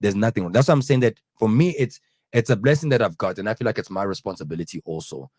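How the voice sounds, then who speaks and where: A man chatting casually as a podcast host, explaining his ideas in an earnest, halting way with lots of fillers and restarts. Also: on the low side, expressive, darkish tone, dry recording. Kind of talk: casual chat.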